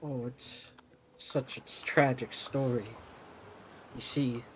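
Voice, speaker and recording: A man's voice: medium pitch, flat delivery, slow pace, a little hiss or hum, lightly acted, poor audio. A man putting on a melodramatic young woman. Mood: mock-tragic. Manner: theatrical, overplayed woe.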